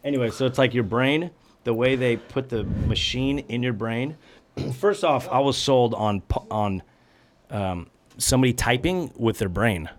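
A man's voice: medium pitch, a little slow. A man in casual podcast chat, talking loosely with lots of swearing and restarts. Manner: loose, profane, rambling with restarts. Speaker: podcast co-host.

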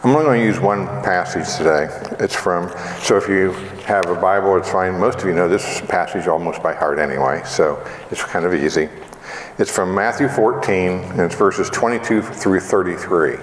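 A man's voice: low voice, moderate pace, a little hiss or hum. A man preaching a sermon in a conversational, reflective way and posing questions to his listeners. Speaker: pastor. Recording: echoey hall with long reverb.

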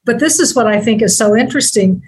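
A woman hosting an interview, calmly and methodically summing up the story and asking follow-up questions. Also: on the high side, fast talker, husky, poor audio. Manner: calm, methodical recapping and questioning. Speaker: host.

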